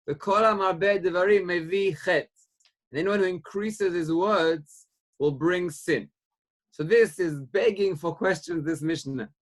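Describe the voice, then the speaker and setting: Male rabbi, Torah lecture; fairly high-pitched, animated questioning delivery with Hebrew terms. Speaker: rabbi teaching a class.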